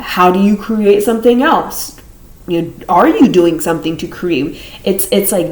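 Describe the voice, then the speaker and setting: A woman's voice: lowish voice, darkish tone, a little hiss or hum. A woman giving a casual tarot reading to camera, rambling and repeating phrases, often laughing between thoughts. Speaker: tarot reader. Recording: roomy echo.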